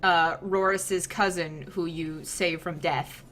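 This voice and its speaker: A young woman narrating a tabletop fantasy game as the game master, describing the scene with relaxed fillers and hedges. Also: fairly low pitch, slow pace, over a noisy crowd.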